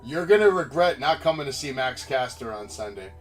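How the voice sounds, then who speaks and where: A man's voice: mid-range voice, lively intonation, a little fast, faint music behind. A man hosting a wrestling podcast, ranting in heated, profane casual chat. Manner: brash, heated, swears constantly. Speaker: podcast host.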